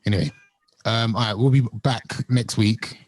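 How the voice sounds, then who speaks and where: A man, a radio presenter co-hosting a casual podcast, talking in an animated, mocking way. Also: fairly low pitch, moderate pace, dry recording. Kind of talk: casual chat.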